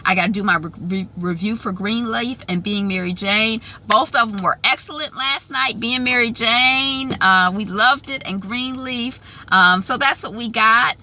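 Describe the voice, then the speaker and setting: A woman's voice: on the high side, normal speed, few pauses. A woman vlogger chatting casually and animatedly as she recaps a TV episode. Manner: chatty and animated, acts out the scenes.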